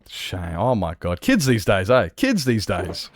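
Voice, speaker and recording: A man with an Australian accent streaming a game, chatting with his audience in a vulgar, jokey way that is rough around the edges. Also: fairly low pitch, a little slow, long pauses, no room sound. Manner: animated, jokey, laughs often. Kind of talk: live game-stream chat.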